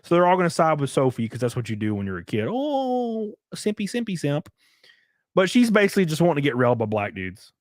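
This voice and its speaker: A man's voice: mid-range voice, sing-song, very fast, hardly any pauses, no echo, clean studio sound. A man hosting a casual livestream, crude, joking and rambling. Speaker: livestream host.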